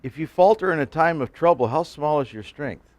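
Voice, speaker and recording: A man's voice: a little high, expressive, a little fast, no room sound. A man in his sixties, a pastor, giving a folksy sermon at a men's breakfast, telling stories with jokes and acting out quotes.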